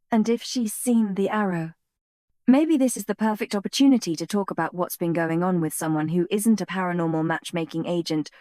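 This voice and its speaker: A woman narrating a fantasy romance audiobook in the first person, with a measured, intimate delivery. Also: on the low side, darkish tone, dry recording, studio quality.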